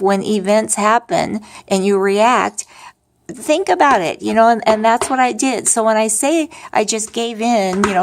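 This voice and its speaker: A gravelly, mid-range voice belongs to a middle-aged woman telling her grief story on a vlog, candid, tired, and prone to wry asides and many restarts. There is slight background noise behind her casual, rambling monologue.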